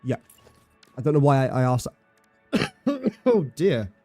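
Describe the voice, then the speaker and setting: Unhurried and sing-song, this man's slightly high voice has a dark tone, with soft background music and no echo. In casual live-stream commentary on a building game, he muses aloud, does counting and arithmetic under his breath, and ribs himself.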